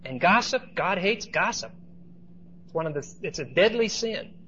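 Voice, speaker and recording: Pastor, male, chatty storytelling preacher; a touch high-pitched, muffled old church tape. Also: expressive, moderate pace, pushed and bright, a little hiss or hum. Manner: conversational storytelling with asides to the congregation. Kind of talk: sermon.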